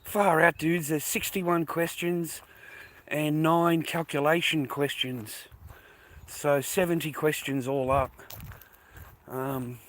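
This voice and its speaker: A man's voice: fairly high pitch, steady tone, slow, fairly bright tone. A tired, middle-aged man with an Australian accent, rambling and swearing as he talks to his viewers while walking outdoors. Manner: rambling, swears a lot, addresses viewers as mate and boys. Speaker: vlogger. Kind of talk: casual rambling monologue to viewers. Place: outdoors, walking to a bus stop early in the morning.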